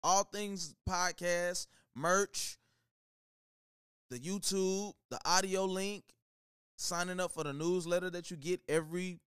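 Young male podcast host, loose and slangy, bright upper pitch, dry close recording. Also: a little slow, pauses often, clean tone, no room sound. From Texas. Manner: animated, slangy, loose, many "you know what I'm talking about" tags. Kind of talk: casual solo podcast monologue.

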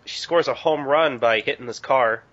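A man's voice: medium pitch, normal speed, fairly bright tone. A man co-hosting a podcast, recapping a manga in a laid-back way with many "uh" fillers. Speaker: podcast co-host. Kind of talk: casual chat recapping a manga. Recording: dull lo-fi podcast recording.

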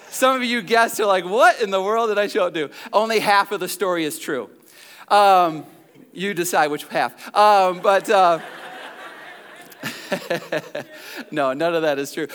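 A man's voice: high voice, a bit bright, smooth. A man preaching a sermon, telling a joking personal story and putting questions straight to his congregation. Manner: jokey storyteller who questions the congregation directly. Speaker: pastor.

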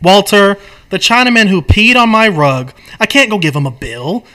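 A laid-back slacker, voiced by a man, keeps protesting in an exasperated, raised voice. His tone is bright and fairly high. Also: sing-song, brisk, full character voice. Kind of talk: casual read-through of a film scene.

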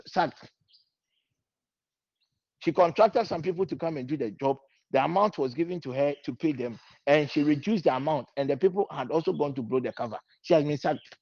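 A man's voice: a little high, a little mellow, no room sound. A man preaching a sermon, mixing in Twi and hammering lines with repetition. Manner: switching between English and Twi, repeating lines with rising emphasis. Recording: dull, lo-fi recording.

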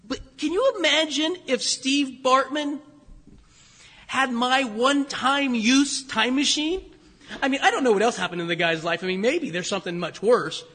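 A male pastor preaching a sermon with animated storytelling and conversational asides. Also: extremely high pitch, normal speed, breathy edge. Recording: echoey hall with long reverb.

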